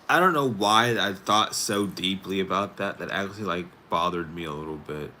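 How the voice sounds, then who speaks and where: A man hosting a spiritual talk stream, rambling casually with many fillers and pauses. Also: low voice, sharp tone, slight background noise. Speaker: tarot stream host.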